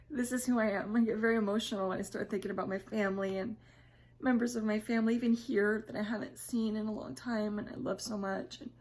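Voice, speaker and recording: A woman vlogging casually from her home kitchen, chatty and emotional, sometimes dropping to a soft whisper. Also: medium pitch, fairly even intonation, brisk, pauses often. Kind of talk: casual home vlog chat.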